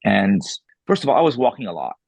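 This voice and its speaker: Man, husky voice, dry close mic, casual animated storytelling, blunt. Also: lowish voice, fast talker, dry recording. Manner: animated, re-enacts dialogue, blunt and salty. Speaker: author interviewed as a podcast guest.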